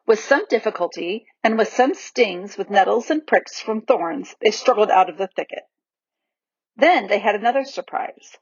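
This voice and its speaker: A woman reading a children's novel aloud in a lively, expressive storybook narration, in a dull, dry recording. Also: medium pitch, moderate pace, husky, no room sound. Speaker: audiobook reader.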